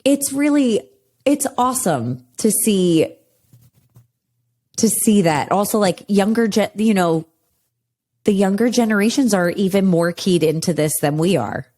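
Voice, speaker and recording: Woman podcast host, animated pitch, reflective and chatty. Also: measured pace. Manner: reflective, uses many fillers. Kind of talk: casual interview chat.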